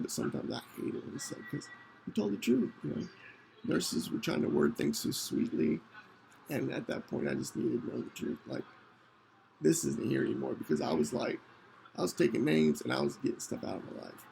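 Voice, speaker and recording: A man with a deeply gravelly, fried voice tells a personal story on his podcast. His pitch swings in a lively way, a little above the usual male range, and he speaks earnestly with frequent restarts. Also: slight background noise, low-quality recording. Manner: earnest, halting, with many restarts. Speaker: podcast host.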